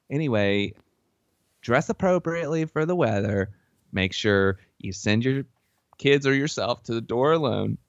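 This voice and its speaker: A man's voice: medium pitch, no room sound. A man with a Southern accent, giving boastful, rambling comedic advice that keeps drifting off track. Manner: boastful, rambling, easily sidetracked. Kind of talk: comedy podcast bit. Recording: dull lo-fi recording.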